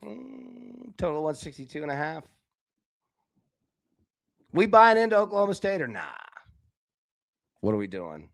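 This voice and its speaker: A man hosting a live sports betting talk show, chatting casually and addressing viewers by name, swinging between loud excited bursts and quiet low asides. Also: measured pace, long pauses, no room sound. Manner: talks directly to chat viewers by name. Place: indoor room with a window.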